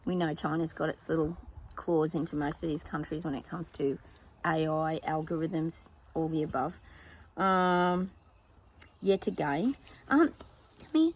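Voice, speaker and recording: A woman's voice: sits low, steady tone, a little slow, poor audio. An Australian woman vlogging outdoors in her yard, casually chatting with her viewers as a psychic, rambling and calling them "guys".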